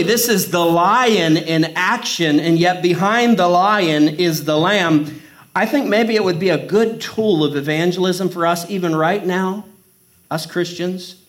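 A man's voice: on the high side, fairly bright tone. A man preaching a sermon in a conversational way, reading scripture and joking in asides. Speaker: pastor.

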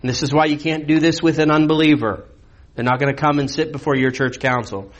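Guy pastor teaching through a bible chapter, kinda high voice, chatty, lots of questions. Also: lo-fi sound. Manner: conversational, rhetorical questions, slows for emphasis. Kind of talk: expository sermon.

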